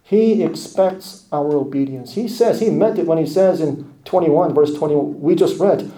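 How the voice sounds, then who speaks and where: High-voiced preacher in an echoey room. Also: male voice, moderate pace, few pauses. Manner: emphatic, rising and dropping to hushed asides. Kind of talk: sermon.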